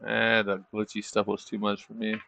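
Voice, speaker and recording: Gravelly, bright-voiced rambling male streamer. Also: lowish voice, completely flat delivery, normal speed. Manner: rambling, self-deprecating, drawling asides. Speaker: livestreaming trader. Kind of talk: casual livestream chat.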